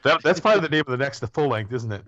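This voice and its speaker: A man's voice: medium pitch, expressive, rapid-fire, fairly bright tone, no echo, highs cut off. Rambling man in his forties, joking. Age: 40s. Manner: rambling, joking, many restarts. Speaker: podcast host. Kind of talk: casual interview chat.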